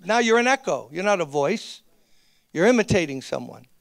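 Male pastor, conversational sermon, high voice, dry close sound. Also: big pitch swings, moderate pace, vocal fry, no echo. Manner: earnest and conversational, with emphatic repeated appeals. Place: church, speaking to a gathering of ministers.

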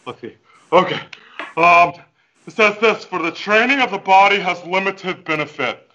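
A man's voice: high voice, moderate pace, pushed and bright, a little hiss or hum, poor audio. A man playing a goofy, overconfident fitness coach who also preaches, with hammy, over-the-top motivational patter over a video call. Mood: preachy. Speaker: fitness guest. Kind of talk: comic character interview over video call. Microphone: headphones with mic.

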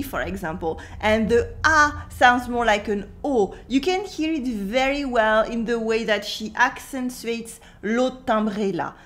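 A French native woman teaching in a video lesson, explaining clearly and slowly repeating example words. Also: fairly high pitch.

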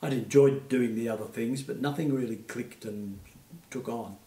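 An Australian man in his eighties, a retired puppeteer, telling gentle stories in an interview with many fillers. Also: mid-range voice, normal speed, recorded from a distance. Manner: gentle anecdotal storytelling, frequent fillers. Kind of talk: reminiscing interview. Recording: echoey room, off-mic.

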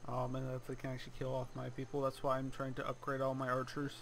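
A man's voice: medium pitch, monotone, quick pace, a bit bright, slight background noise, poor audio. A young adult man hosting a let's play, giving gameplay commentary with theatrical, mock-villainous declarations.

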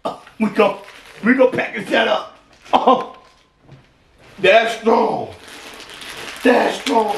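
Man with an Ohio accent, unboxing vlog, slow emotional delivery, echoey room, distant mic, noisy background. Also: sits high, gravelly, fairly bright tone. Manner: emotional, exclaiming, repeats himself. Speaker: YouTuber unboxing fan mail.

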